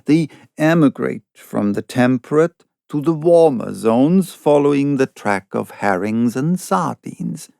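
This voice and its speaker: A man reading a classic novel aloud as audiobook narration, in a measured, deliberate way. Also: medium pitch, gravelly, warm tone, no room sound, clean studio sound. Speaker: audiobook reader.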